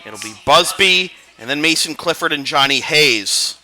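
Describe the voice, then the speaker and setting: A man calling a baseball game play-by-play, building to excited calls on big plays. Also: on the high side, normal speed, dry recording. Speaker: play-by-play announcer. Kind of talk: live baseball commentary.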